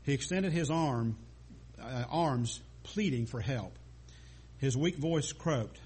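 A man's voice: medium pitch, expressive, takes it slowly, a little mellow, slightly rough. A man preaching a sermon, telling a story with small stumbles and restarts.

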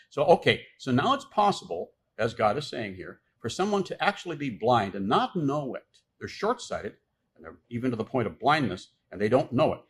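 A man delivers a sermon in a husky voice that ranges widely in pitch. He reads scripture passages aloud, then explains them with emphatic, repeated points. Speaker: pastor.

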